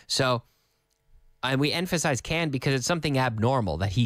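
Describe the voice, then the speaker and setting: A middle-aged male English teacher with a lively, sing-song delivery that rises and falls a lot. He tells anecdotes and acts out short exchanges to show pronunciation. His voice sounds dry and close, with no room behind it. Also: medium pitch, moderate pace, no echo. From English-speaking country, living in Spain. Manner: lively storytelling, acts out dialogue, hums intonation patterns.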